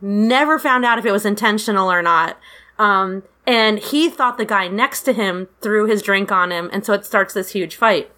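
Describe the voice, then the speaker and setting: A middle-aged woman casually telling a profane, animated story about a fight at a concert. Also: medium pitch, normal speed. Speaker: guest storyteller.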